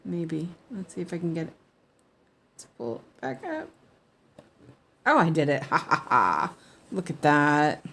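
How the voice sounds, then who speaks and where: A woman talks through her stitching in a casual, unhurried way. Her voice sits fairly low and her pace is very slow. She mutters half-sentences to herself and laughs at her slips. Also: big pitch swings, a bit bright, slight background noise. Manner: chatty, mumbling to herself while working, laughs often. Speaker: cross-stitch crafter. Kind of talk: casual stitch-along chat.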